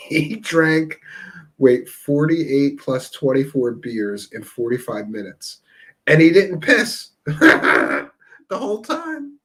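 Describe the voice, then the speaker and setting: A man's voice: a little high, wildly swooping pitch, takes it slowly, a bit bright. A man hosting a live stream, chatting casually with viewers and telling rambling stories through laughter. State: tipsy. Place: Seattle area.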